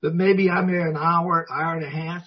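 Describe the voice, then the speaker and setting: A man's voice: on the high side, steady tone, normal speed. A man sharing his personal story at a recovery meeting, a folksy, self-mocking storyteller who chuckles often. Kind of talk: personal story told to an audience. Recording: dull lo-fi recording.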